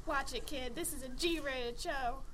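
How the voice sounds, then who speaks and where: A woman's voice: high-pitched, measured pace, fairly bright tone, a little hiss or hum. A woman voicing a doting, wisecracking old grandmother who speaks fondly and fussily. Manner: fond and fussy, with wisecracks.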